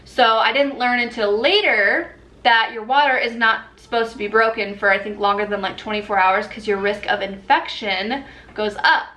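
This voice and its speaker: Young woman vlogging, chatty and candid, bright voice, roomy echo. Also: a little high, moderate pace. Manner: chatty, candid, many fillers. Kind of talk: personal storytelling. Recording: echoey room.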